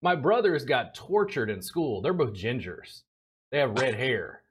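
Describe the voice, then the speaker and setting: A man's voice: mid-range voice, sing-song, unhurried, husky. A man from Louisiana with no regional accent, telling stories animatedly in a casual conversation and laughing often.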